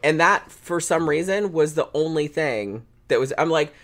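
A man's voice: on the high side, animated, moderate pace, fairly bright tone. A man co-hosting a podcast, chatting casually about a film, rambling and swearing often. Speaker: podcast co-host. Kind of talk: casual film review chat.

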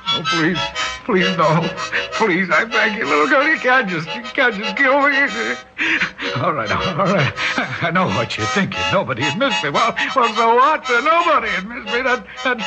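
A lonely old shopkeeper, voiced by a man in an old radio play who stammers and pleads in fright. His pitch leaps wildly from high to low, and the sound is muffled, with loud music behind him. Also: sing-song, moderate pace. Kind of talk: radio drama acting.

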